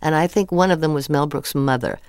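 An older actress telling rambling, animated anecdotes in a casual interview, laughing often. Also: female voice, deep voice, brisk, clear, resonant tone, dry recording, studio quality. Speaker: guest actress.

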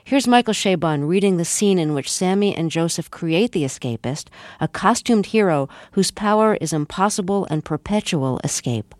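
A woman radio host reading a calm, clear, scripted introduction of her guest. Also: on the low side, normal speed, few pauses, no echo, clean studio sound.

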